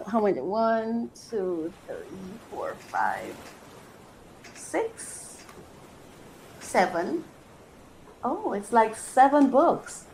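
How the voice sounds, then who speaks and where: A woman's voice: medium pitch, a little mellow, low-quality recording. Earnest, emotional woman podcaster. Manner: emotional, halting, many restarts and fillers; earnest, faith-filled. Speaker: podcast host and author. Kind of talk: reflective solo podcast monologue.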